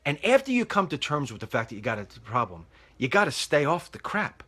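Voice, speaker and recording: Man, middle-aged, host, walking outdoors, emphatic, repetitive, lively pitch, slightly high voice. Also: a little fast. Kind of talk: walking talk commentary.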